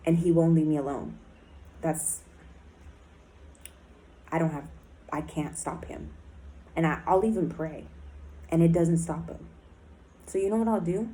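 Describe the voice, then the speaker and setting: A woman's voice: sits low, normal speed, pauses often, a little mellow, poor audio. A woman in a recovery program speaking in a candid personal diary talk, blunt and emotional, swearing often and filling her speech with "like" and "um".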